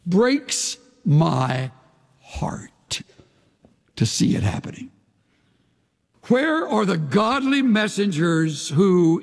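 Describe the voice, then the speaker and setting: A pastor preaching a sermon to his congregation, dramatic and emphatic, sometimes dropping to a hushed voice. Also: fairly high pitch, creaky, breathy edge. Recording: long reverb of a large hall.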